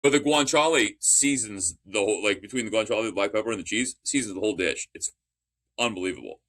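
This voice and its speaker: Animated storytelling man with a low voice. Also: fast talker. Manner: animated rambling storyteller, restarts and curses. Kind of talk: casual podcast chat.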